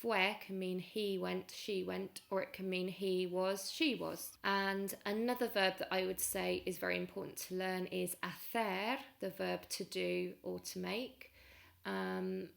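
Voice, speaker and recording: A woman's voice: fairly low pitch, fairly even intonation, a little slow, gravelly. A woman, patiently explaining a grammar lesson step by step as a language teacher.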